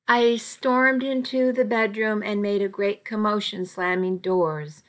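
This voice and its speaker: Woman narrator, slow, medium pitch, dramatic first-person story. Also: fairly even intonation.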